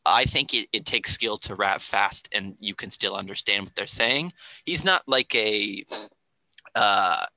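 Bright, dry-voiced man explaining. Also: on the low side, a little slow, no echo, poor audio. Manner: thoughtful, explanatory. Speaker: guest explaining rap music. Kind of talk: casual podcast conversation.

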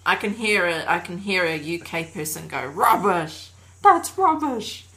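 A woman's voice: on the low side, a little fast, sharp tone, low-quality recording. A woman chatting casually and playfully with friends, laughing often and trailing off mid-sentence. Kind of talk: casual chat.

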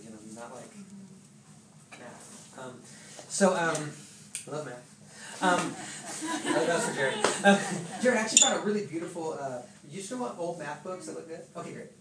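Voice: medium pitch, fairly quick. Preacher rambling through a funny story, laughs a lot, sounds far off in a big echoey room with noise behind. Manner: animated, laughing, many fillers. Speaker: pastor. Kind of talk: storytelling sermon. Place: church hall with congregation. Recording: echoey hall, distant, noisy.

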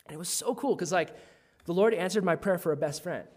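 A man's voice: high-pitched, a little fast, a little mellow. A man telling a personal faith story in a casual way, full of "like" fillers.

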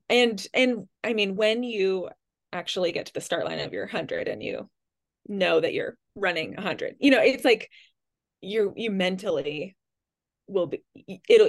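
A woman co-hosting a podcast, talking casually and rambling with many fillers. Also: mid-range voice. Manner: rambling, lots of "like" and "um". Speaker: podcast co-host. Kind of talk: casual chat.

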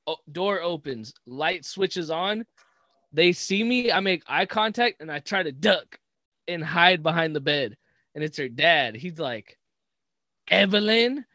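Animated, profane male podcast host. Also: fairly high pitch, a little slow, dry recording. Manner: animated, profane, laughing storyteller. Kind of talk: casual storytelling chat.

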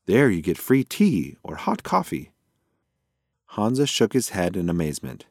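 A man narrating a children's storybook in an expressive, lively storytelling manner. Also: deep voice, unhurried, no echo, studio quality. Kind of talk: storybook reading.

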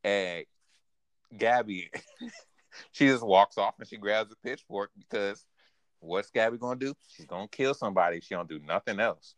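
A man with a very low voice recaps an anime episode in casual, animated chat, often laughing and jumping up in pitch to quote characters. The sound is dry and close to the mic. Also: normal speed, no room sound. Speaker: podcast co-host.

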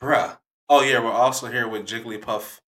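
Bright-voiced playful young man hosting. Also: medium pitch, steady tone, normal speed, roomy sound, low-quality recording. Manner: playful, teasing, slangy. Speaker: podcast host. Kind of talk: casual chat.

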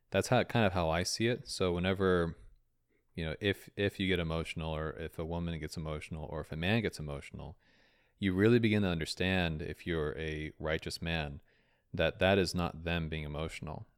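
A man's voice: low-pitched, brisk, clean tone, no room sound, studio quality. A man hosting a casual podcast chat, teasing his guest and laughing often. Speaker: podcast host.

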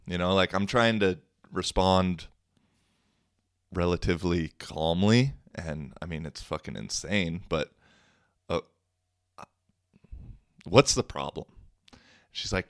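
A man's voice: low-pitched, slow pace, pauses often, no room sound, studio quality. A young man hosting a podcast, telling a story casually, with rambling fillers, restarts and a wry tone. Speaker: podcast host.

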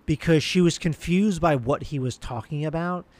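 A man's voice: on the high side, moderate pace, a little mellow. Rambling man telling a casual anecdote. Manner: rambling, full of restarts and fillers.

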